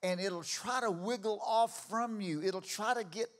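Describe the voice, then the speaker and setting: Emphatic high-voiced older pastor preaching. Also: male voice, a little slow. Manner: emphatic, rising to shouts when rallying the congregation. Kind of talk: sermon. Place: church auditorium before a congregation.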